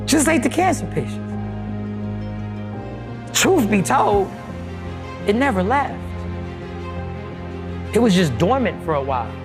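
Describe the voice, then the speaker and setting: A man performs a stand-up style monologue with a high, lively voice that jumps around in pitch. He mocks other people's voices as he goes. Faint music plays underneath. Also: slow pace, long pauses. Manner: animated, mocking voices of others. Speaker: comedian.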